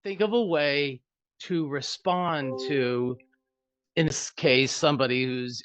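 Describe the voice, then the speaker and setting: A man's voice: fairly high pitch, slow pace, fairly bright tone, no room sound, dull audio. Earnest man on a dry call line. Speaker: participant on a training call. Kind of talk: casual sharing on a call.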